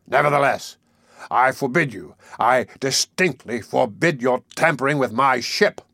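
A man's voice: medium pitch, animated, unhurried, creaky, bright, forceful tone, dry recording, clean studio sound, full character voice. Man voicing a sneering, domineering sea captain. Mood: threatening. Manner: threatening, sardonic. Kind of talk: audiobook character voice.

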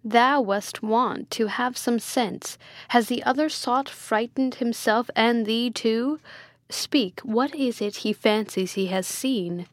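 A woman voicing an imperious, quick-tempered prince in a storybook reading, with stern and commanding delivery. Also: a little high, no room sound. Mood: angry. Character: imperious hot-tempered male prince, middle-aged tyrant.

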